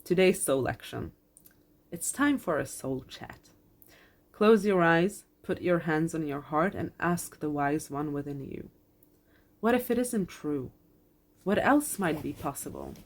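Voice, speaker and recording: Low-pitched woman reading tarot cards for viewers; earnest and reassuring, repeats lines, swears casually, close to tears. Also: animated, a little slow. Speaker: tarot card reader. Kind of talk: pick-a-card reading, spoken to viewers.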